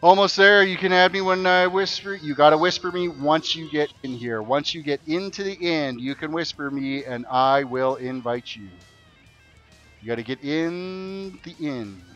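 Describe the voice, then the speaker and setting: A man's voice: fairly high pitch, moderate pace, fairly bright tone, highs cut off, faint music behind. A man streaming a game and hosting an in-game race event for his viewers. He chats casually and keeps repeating his instructions to the players. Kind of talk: casual live-stream commentary.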